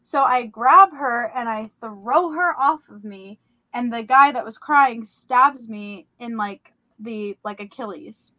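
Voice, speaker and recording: A young woman hosting a podcast, telling about a vivid dream in a casual, animated way full of "like" and fillers. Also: fairly high pitch, takes it slowly, dry recording. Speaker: podcast host. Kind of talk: casual storytelling.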